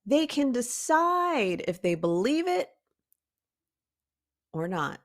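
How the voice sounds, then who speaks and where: Slow-talking woman giving a motivational talk. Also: big pitch swings. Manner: emphatic and preachy, calls listeners "baby cakes"; slow, drawn-out delivery with sudden high emphatic rises. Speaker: art coach and podcast host.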